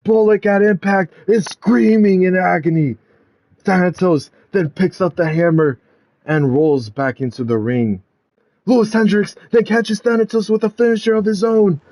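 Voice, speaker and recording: A man narrating a wrestling video game storyline in a dramatic play-by-play style, building to loud climaxes. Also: high-pitched, moderate pace, no echo.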